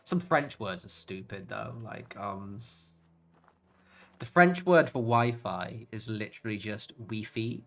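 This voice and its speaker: A man's voice: on the low side, takes it slowly, a bit bright. Chatty British man streaming a game. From Britain. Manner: rambling, chatty, laughs often, swears. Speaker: gaming livestreamer. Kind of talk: casual chat while playing.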